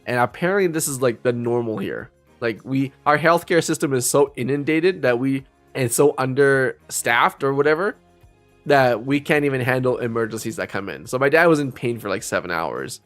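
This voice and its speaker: A man's voice: mid-range voice, lively intonation, moderate pace, fairly bright tone, soft background music. A young man casually telling a story on a live stream, rambling, restarting his sentences and laughing often.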